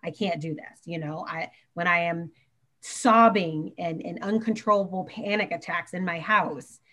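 A woman's voice: fairly low pitch, measured pace, bright, forceful tone. A woman who works as a teacher, chatting earnestly on a podcast and talking in long run-on stretches. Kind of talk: casual podcast chat.

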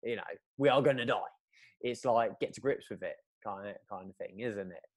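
A man's voice: fairly low pitch, moderate pace, no room sound. A man, retelling a story in a rambling, casual chat, full of fillers and restarts.

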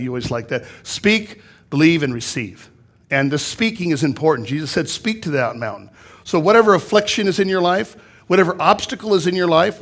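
A man, a pastor, preaching a sermon in a church, reading scripture aloud and explaining it with emphatic repetition. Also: on the high side. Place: church sanctuary.

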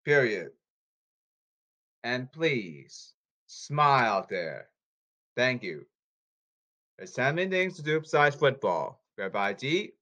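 A man's voice: medium pitch, fairly bright tone. A man talking casually to his audience, rambling and repeating himself as he jumps between topics. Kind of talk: casual rambling talk to camera.

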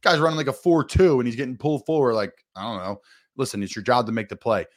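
Emphatic former football player on the radio. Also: male voice, fast talker. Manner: emphatic, with big jumps in pitch. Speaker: guest, former NFL player. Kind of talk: casual sports radio talk.

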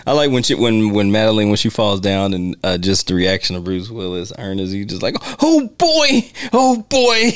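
A man's voice: fairly even intonation, brisk, hardly any pauses, clear, resonant tone, no echo. A man hosting a casual film commentary podcast, laughing often and acting out movie lines in a raised voice. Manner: laughs often, acts out quoted lines in a high voice. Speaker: podcast host.

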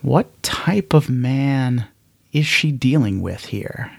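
Slow-talking man narrating a solo tabletop game. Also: mid-range voice, lively intonation, gravelly, no echo. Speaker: podcast host and solo game player.

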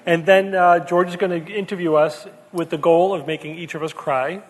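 A man hosting a live podcast in front of an audience, energetic and laughing often. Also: a little high, moderate pace, long reverb tail. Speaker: host. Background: audience noise.

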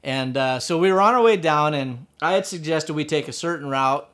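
A man's voice: on the high side, moderate pace, a bit bright. A man casually telling a personal story about riding motorcycles, rambling with many fillers and restarts.

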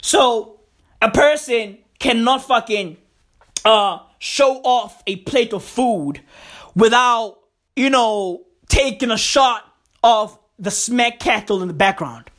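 A woman's voice: a little high, takes it slowly. A woman hosting her podcast alone, ranting with heavy swearing, sarcasm and a lot of repetition. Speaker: podcast host. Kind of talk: casual solo podcast rant.

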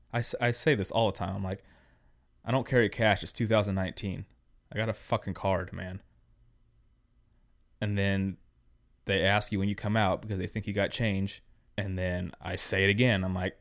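A man's voice: on the low side, no room sound, studio quality. A man in his thirties hosting a solo podcast, ranting bluntly and swearing constantly in casual talk. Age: 30s. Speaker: podcast host.

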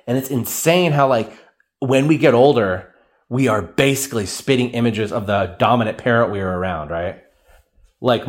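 In his solo comedy podcast, a young man with a medium-pitched voice rambles through funny stories, making fun of himself. He is lively and acts out what others said, and he records on a cheap podcast microphone.

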